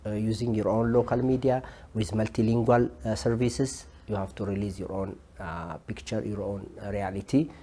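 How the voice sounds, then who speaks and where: A man with an Ethiopian accent answers an interview in a dark, mellow voice with a husky edge. He speaks haltingly and fills his pauses with hesitation sounds. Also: fairly low pitch, steady tone. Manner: hesitant, many filler sounds. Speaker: interviewed journalist.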